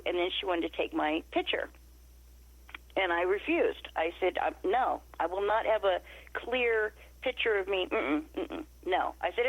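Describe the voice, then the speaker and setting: A woman's voice: mid-range voice, no echo. A middle-aged woman from Nevada, a podcast interview guest telling a story and acting out the quoted dialogue. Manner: animated, acts out quoted dialogue. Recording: muffled lo-fi remote audio.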